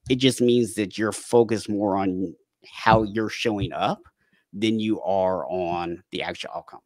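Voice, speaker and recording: Low-voiced man, animated, candid habit coach. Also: a little slow, no room sound, studio quality. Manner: animated storytelling, acting out panicked inner voices; frequent restarts and repeated words. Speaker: podcast guest, habit coach. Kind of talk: casual conversational interview.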